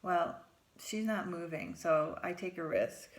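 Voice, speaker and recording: Speaking a little slowly, a middle-aged woman who works as a therapist recounts something that happened to her. When quoting herself she lifts her voice higher, and her inner thoughts come out as whispers.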